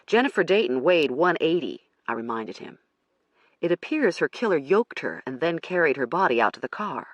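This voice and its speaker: An audiobook narrator reading a first-person crime thriller in a measured storytelling manner. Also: mid-range voice, fairly bright tone, no room sound.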